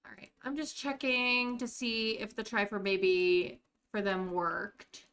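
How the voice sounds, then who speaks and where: Bright, clear-voiced American woman streamer. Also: medium pitch, level tone, unhurried. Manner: chatty, talks to viewers by name while playing. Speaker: game streamer. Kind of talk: casual live-stream chat.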